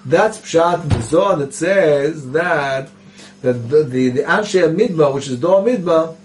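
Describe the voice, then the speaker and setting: A Torah teacher gives a Kabbalah text study lesson, reading Hebrew passages aloud, explaining them in English, and often posing rhetorical questions. His voice sits on the high side and is expressive, moving at a slow pace. Picked up from a distance, the recording carries a slight hiss or hum.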